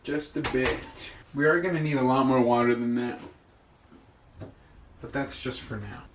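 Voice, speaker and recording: Here a young man with a steady mid-range voice talks at normal speed while filming a cooking vlog at home. His chatter is jokey, rambling and self-amused, and the kitchen's echo and cooking noise, mostly frying and sizzling, come through his camera mic.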